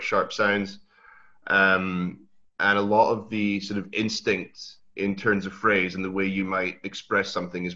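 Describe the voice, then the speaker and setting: A young Swiss man, a native Swiss German speaker, chats as a guest in a relaxed interview, restarting often. His low voice carries an Aberdeen Scottish accent with Swiss and American traces, and the lo-fi recording sounds dull.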